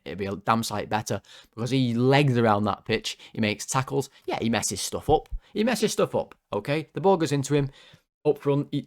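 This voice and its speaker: A young man rants through his player ratings, swearing and venting his frustration. His voice sits at a middling pitch but jumps high when he gets worked up, and he talks straight to his viewers. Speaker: football fan channel host. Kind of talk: player ratings rant to camera.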